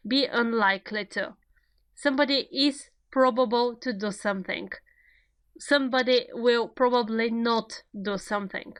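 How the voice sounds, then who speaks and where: A woman giving a recorded grammar lecture, speaking slowly and deliberately as she works through each example. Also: fairly high pitch, fairly bright tone, clear, resonant tone. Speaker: grammar teacher.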